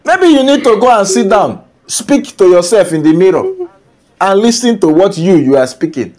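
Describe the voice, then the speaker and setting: A man's voice: high-pitched, sing-song, normal speed, darkish tone. A Nigerian man delivering a comedic reaction rant, scolding and often breaking into laughter. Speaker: comedian commentator.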